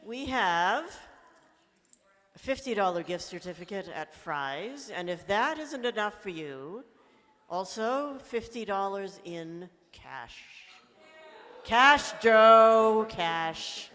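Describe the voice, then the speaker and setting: A man with a very high, lively voice announces door prizes at a banquet. He rallies the crowd playfully and speaks very slowly. Long reverb fills the large hall.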